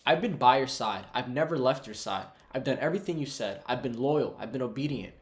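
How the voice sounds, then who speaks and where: A man's voice: medium pitch, lively intonation, a little fast, reverberant, lightly acted. A man voicing a resentful, loyal elder son who complains indignantly.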